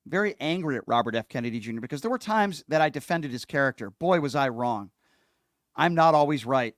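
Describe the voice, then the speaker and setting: A man's voice: mid-range voice, dry recording, studio quality. A man hosting a talk radio call-in show, talking in a heated, outspoken way and leaning hard on his words. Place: radio studio.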